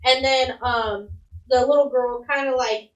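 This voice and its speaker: A woman's voice: high voice, steady tone, measured pace, distant mic, muffled recording. A woman narrating as game master in a tabletop game, casual and giggly with many fillers.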